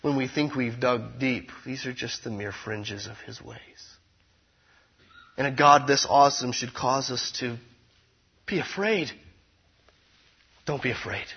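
A man preaching a sermon in a conversational way, with playful asides, swinging between loud emphasis and hushed tones. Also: mid-range voice, a little slow, gravelly, long pauses, slightly rough, dull audio. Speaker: pastor.

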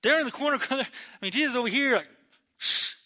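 A man from New Mexico preaching a sermon, telling a story with acted-out voices and swinging between loud and hushed delivery. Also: extremely high pitch, very fast. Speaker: pastor.

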